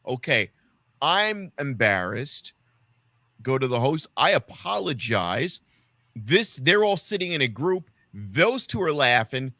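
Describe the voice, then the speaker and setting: A man co-hosting a casual podcast chat, telling stories from stand-up with lively, acted-out quotes. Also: medium pitch, slow, no room sound. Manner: animated storyteller acting out quotes. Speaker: podcast co-host and stand-up comic.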